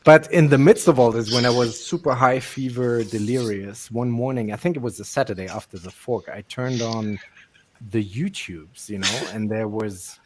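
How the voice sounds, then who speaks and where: A man's voice: medium pitch, moderate pace, background noise. A man co-hosting a casual crypto chat, telling playful stories and slipping into other people's voices.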